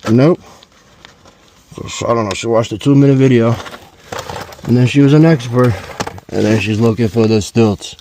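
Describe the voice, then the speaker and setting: A man in his forties rambles through a story full of swearing and jokes while he works on a car outdoors. His voice is mellow and mid-pitched, and some faint noise sits behind it. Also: moderate pace, long pauses. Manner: profane, joking, rambling and animated. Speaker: DIY car vlogger.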